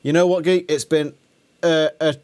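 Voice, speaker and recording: A man's voice: fairly high pitch, fairly even intonation, normal speed, darkish tone, clean tone. A man hosting a casual podcast, teasing his guests, swearing bluntly and laughing often. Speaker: podcast host.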